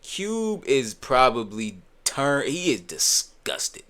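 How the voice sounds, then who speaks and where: A man's voice: mid-range voice, very animated, slow pace. Heated, swearing man reacting. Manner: heated, swearing, with sudden loud outbursts. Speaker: commentator reacting to a clip. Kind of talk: profane reaction commentary.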